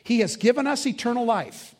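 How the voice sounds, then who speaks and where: A man preaching a sermon as pastor, emphatic, slowing down to stress key words and asking the congregation to fill in the answers. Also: extremely high pitch, expressive, darkish tone.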